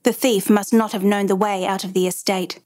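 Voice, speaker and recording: A woman reading a dramatic true story aloud in measured, even narration. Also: medium pitch.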